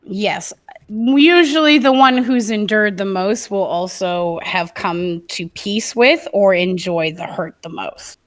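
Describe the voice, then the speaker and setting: A woman's voice: mid-range voice, takes it slowly. A woman playing a tabletop role-playing game, chatting animatedly and laughing often. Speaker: player. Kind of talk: tabletop role-play chat.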